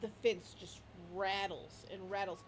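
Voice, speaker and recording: A woman running a tabletop game as game master, narrating in a lively way with frequent restarts. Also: mid-range voice, a little slow, a loud crowd, rough recording.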